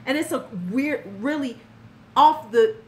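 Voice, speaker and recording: A woman's voice: high-pitched, measured pace, slight background noise. A woman in her fifties hosting a live stream, telling a story in a frank, blunt way and talking to viewers by name.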